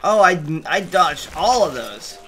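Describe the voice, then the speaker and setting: A gamer giving let's play commentary, exasperated and swearing often, with sudden yelling outbursts at the game. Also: medium pitch, big pitch swings, a little slow, soft background music. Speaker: gamer playing through a platform game.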